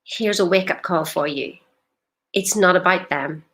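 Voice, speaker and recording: A woman's voice: on the low side, measured pace, a bit bright. A woman, a life coach talking directly to a live-stream audience in an emphatic, questioning way.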